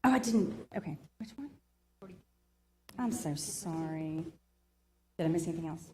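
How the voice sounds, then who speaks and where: A woman's voice: sits low, expressive, normal speed, darkish tone, a little hiss or hum. A woman chairing a public meeting. She reads long lists of agenda numbers and apologizes often.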